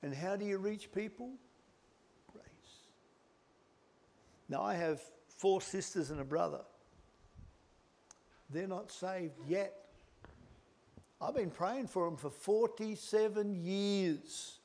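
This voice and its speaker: High-voiced preacher, dramatic and emphatic. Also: male voice, takes it slowly, pauses often. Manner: dramatic swings from loud to hushed whispers. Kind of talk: sermon.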